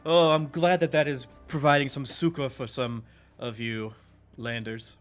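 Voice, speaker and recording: A man's voice: medium pitch, steady tone, a little slow, a bit bright, faint music behind, natural voice. A man voicing a friendly, polite giant talking whale who greets everyone gushingly. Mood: chirpy. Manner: gushing, chirpy and welcoming.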